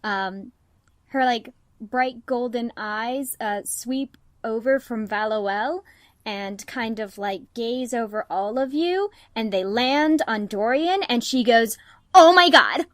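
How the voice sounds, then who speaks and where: A woman's voice: fairly high pitch, slow pace, no room sound. A woman narrating as game master in a tabletop game, casual and full of "like" and "um". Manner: casual, filler-heavy with lots of "like" and "um".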